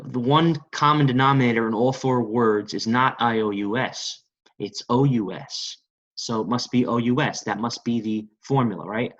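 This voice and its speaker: A man's voice: medium pitch, fairly bright tone. Coaxing male language teacher, lo-fi. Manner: coaxing, repetitive, asks the class to repeat. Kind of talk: classroom-style lesson. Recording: dull lo-fi recording.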